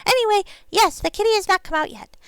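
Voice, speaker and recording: A woman's voice: very high-pitched, fast, a bit bright, no echo, pitched above the performer's own voice, poor audio. A woman voicing a tiny female pixie with a sing-song, theatrical delivery.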